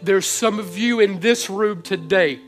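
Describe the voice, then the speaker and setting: A male pastor delivers a sermon to a congregation in a church. His voice swings from hushed, intimate storytelling to loud, fervent preaching, with soft instrumental music playing faintly underneath. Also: sits high, a little slow. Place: church hall before a congregation.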